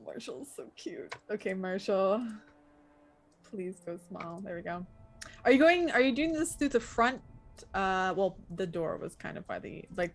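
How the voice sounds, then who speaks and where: A woman narrating a tabletop game as game master, casual and hesitant, with many fillers. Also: mid-range voice.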